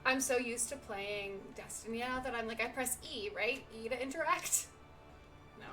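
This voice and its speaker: Chatty woman streamer talking to chat, slightly distant mic, soft game music. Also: on the high side, moderate pace. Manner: chatty, rambling, talks to chat.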